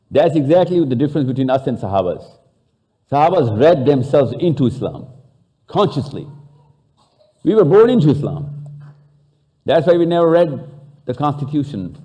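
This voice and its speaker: A man's voice: on the high side, dark tone. A man from Pakistan with a Pakistani accent, giving a live talk to an audience and bantering with them, switching into Urdu and Hindi. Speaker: speaker.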